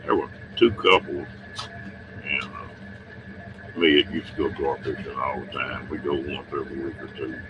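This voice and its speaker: A man's voice: extremely low pitch, steady tone, a little slow, highs cut off, background noise. A man hosting a livestream, chatting casually with viewers in a folksy, chuckling way. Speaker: livestream host.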